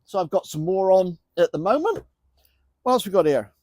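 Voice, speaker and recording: A man's voice: high voice, very animated, normal speed, darkish tone, dry recording. Chatty older man in a dry-sounding polytunnel. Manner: chatty and jokey, mildly swearing. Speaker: gardening vlogger. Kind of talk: casual chat to camera. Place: inside a garden polytunnel.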